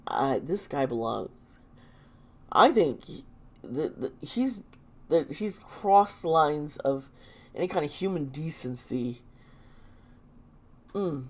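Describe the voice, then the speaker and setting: A woman with a sore throat doing a casual tarot reading, halting and exclaiming as she turns the cards. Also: deep voice, big pitch swings, darkish tone. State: sore throat, lozenge in mouth. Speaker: tarot reader and channel host.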